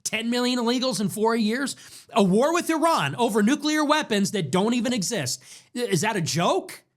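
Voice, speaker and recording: Impassioned young man ranting, lively pitch. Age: young adult. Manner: impassioned ranting, rapid rhetorical questions. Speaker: show host. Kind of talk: political commentary monologue.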